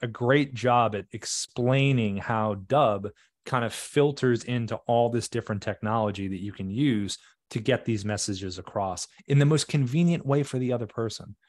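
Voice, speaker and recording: A man co-hosting a webinar, explaining marketing in a measured, conversational way with frequent fillers. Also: medium pitch, darkish tone, no room sound, clean studio sound. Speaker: webinar co-host.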